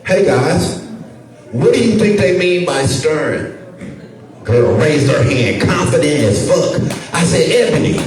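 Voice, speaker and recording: Animated St. Louis man doing stand-up. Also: on the high side, slow pace, soft background music. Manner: profane, loud and animated, jumping into shouted voices. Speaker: stand-up comedian. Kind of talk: stand-up comedy set. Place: comedy club stage with a laughing audience. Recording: echoey club sound from a distance with crowd noise.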